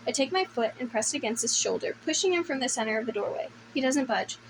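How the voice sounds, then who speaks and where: A woman's voice: sits high, animated, quick pace. A woman narrating a novel in the first person, wry and conversational, over background noise. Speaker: audiobook narrator.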